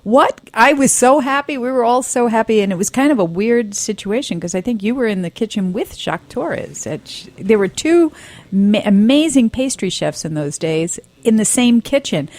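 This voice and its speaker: A woman's voice: a little high, lively intonation, normal speed, darkish tone, dry recording. Woman, radio interview host, chatty, encouraging, conversational.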